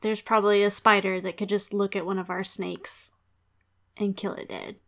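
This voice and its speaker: A woman's voice: mid-range voice, little pitch movement, moderate pace, creaky, a bit bright. A woman hosting a podcast in casual chat, laughing often and rambling playfully. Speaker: podcast host.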